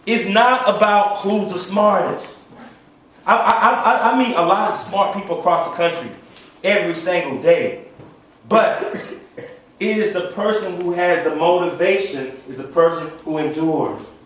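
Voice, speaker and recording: A man with a high voice delivers a motivational speech from a distance, and his words boom around a big echoey hall. He gives orders and leads call-and-response, repeating each line over and over, with a faint hiss under it all. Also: measured pace, fairly bright tone. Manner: commanding call-and-response, repetitive. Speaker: motivational speaker. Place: large hall before an audience.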